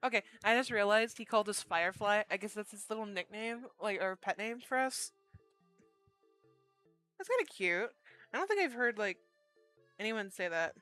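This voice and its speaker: A young woman streamer reading a story game aloud, breaking off for quick, chatty asides to her chat. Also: medium pitch, lively intonation, sharp tone, faint music behind.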